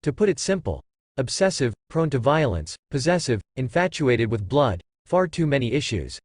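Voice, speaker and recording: A man's voice: medium pitch, very animated, moderate pace, no echo, studio quality. A man voicing a blunt young woman who lists someone's faults, matter-of-fact.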